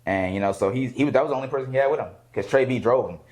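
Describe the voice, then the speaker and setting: A man recounting a story to an interviewer in loose, casual conversation. He is animated and laughs often. He slips into other people's voices as he quotes them. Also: medium pitch, very fast, rough recording. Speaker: rapper guest.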